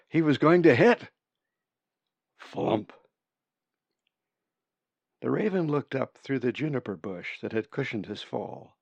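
A man reading his own book aloud as audiobook narration, measured and unhurried. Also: mid-range voice, creaky, no room sound, highs cut off.

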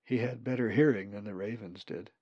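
A man narrating an audiobook slowly and expressively. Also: on the low side, no echo. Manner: slow, expressive. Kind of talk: scripted narration. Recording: dull lo-fi recording.

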